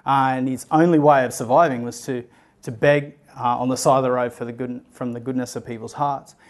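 A man's voice: medium pitch, steady tone, a little fast. A young man giving a sermon, telling a story and acting out the voices of the people in it. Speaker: preacher.

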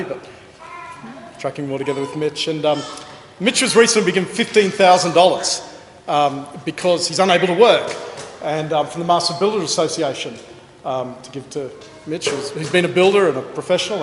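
Australian pastor in an echoing hall. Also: male voice, on the high side, slight background noise. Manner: chatty, joking, self-deprecating. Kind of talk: conversational sermon with anecdotes. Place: church hall. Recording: roomy hall with long reverb.

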